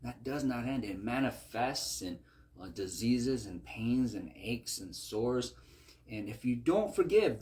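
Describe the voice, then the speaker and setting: A man's voice: medium pitch, lively intonation, unhurried, darkish tone. A man preaching a conversational sermon, often asking "right?" as he talks.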